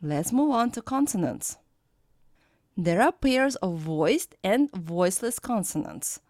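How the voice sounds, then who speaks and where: A woman teaching a language lesson, reading her script and sounding out example words slowly and carefully. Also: mid-range voice, expressive, a little mellow, no echo, clean studio sound. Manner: slow, careful, clearly pronounced examples.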